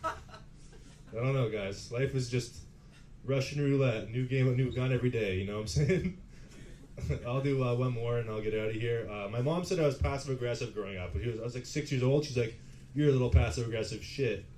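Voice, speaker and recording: A man's voice: mid-range voice, moderate pace, a little mellow, a little hiss or hum. A man in his twenties with a Canadian accent, telling self-mocking stories at a pub open mic and laughing at his own jokes. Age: 20s. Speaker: stand-up comic. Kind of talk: stand-up comedy set.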